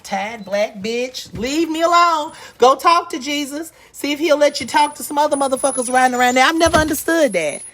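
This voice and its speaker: A woman telling a comedic storytime rant outdoors in a suburban neighborhood, brash and profane, swinging from loud outbursts to low mutters. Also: a little fast, few pauses. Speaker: vlogger.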